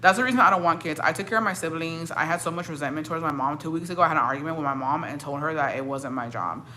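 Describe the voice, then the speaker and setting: Rapid-fire and forceful, a young streamer with a low, bright voice fires off blunt, profane reactions to her viewers. Her Mexican-American accent comes through as she drops into Spanish, and a little hiss or hum sits under the recording.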